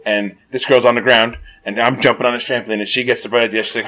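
Man, mid-pitched, rambling storyteller with lots of swearing, casual podcast chat. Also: very fast. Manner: profane, rambling, animated when acting out moments.

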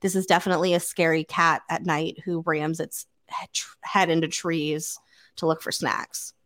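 A woman's voice: deep voice, little pitch movement, normal speed, fairly bright tone. A woman hosting a podcast in casual group chat, explaining things in a chatty way full of fillers. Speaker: podcast host.

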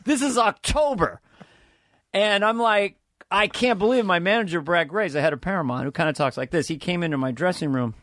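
A man's voice: sits high, quick pace, no echo. Male comedian guest, storytelling, jumps into impressions; dry, close mic. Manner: animated, slips into quoted voices, swears. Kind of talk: casual podcast interview storytelling.

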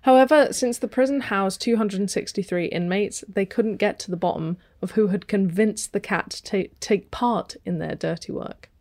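A woman's voice: mid-range voice, normal speed, hardly any pauses, darkish tone, no echo. A woman co-hosting a podcast, reading out a story in a playful way. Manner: playful, laughs often, reads stories aloud. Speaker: podcast co-host. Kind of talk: casual storytelling chat.

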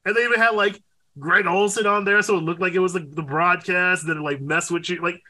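A young man co-hosting a podcast in casual chat, animated and profane, with loud exclaims. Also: high voice, brisk. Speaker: podcast co-host.

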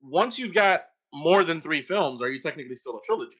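A man's voice: on the high side, animated, fairly quick, a bit bright, slightly rough, highs cut off. A man co-hosting a casual chat, raising questions in a methodical way. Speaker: podcast co-host.

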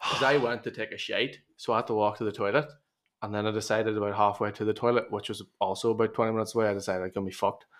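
A man's voice: lowish voice, fairly even intonation, very fast. A man, co-hosting a podcast in casual chat, telling stories between bursts of laughter and plenty of swearing. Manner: swears freely, laughs often, storytelling. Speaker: podcast co-host.

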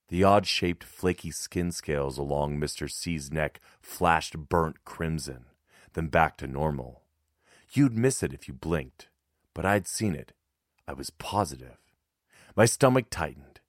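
A man narrating a first-person audiobook in a tense, measured way. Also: very deep voice, expressive, dry recording, clean studio sound.

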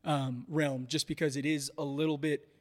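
A man's voice: a little high, flat delivery, normal speed, big-room sound. A man hosting a casual podcast chat, talking in a chatty, hedging way with many restarts. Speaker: podcast host.

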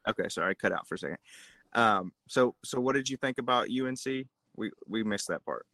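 A man's voice: lowish voice, expressive, fairly quick, pushed and bright, no echo. A male podcast co-host in a casual sports chat, hedging and thinking aloud.

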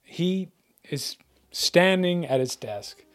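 A man's voice: on the high side, fairly quick, a little mellow, soft background music. Easygoing man running a tabletop game. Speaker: game master.

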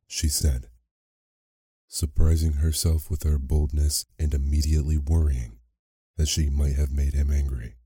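Very deep, husky man reading a sleep story. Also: level tone, no echo, clean studio sound. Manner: slow, soft and measured. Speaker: narrator. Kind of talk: bedtime sleep story narration.

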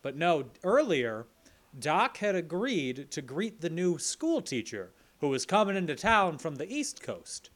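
A man's voice: on the high side, sing-song, measured pace. A man co-hosting a podcast, recapping a movie plot in casual chat with playful jokes. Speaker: podcast co-host.

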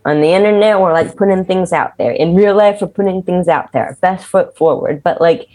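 Casting note: a woman with a low voice, candid and animated, swears freely in casual chat. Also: a little fast. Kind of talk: casual conversation.

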